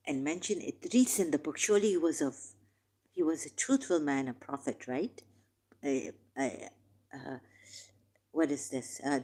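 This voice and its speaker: Low, mellow-voiced woman reading scripture. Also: slightly rough. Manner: impassioned, reads verses slowly with hesitations. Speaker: religious commentator.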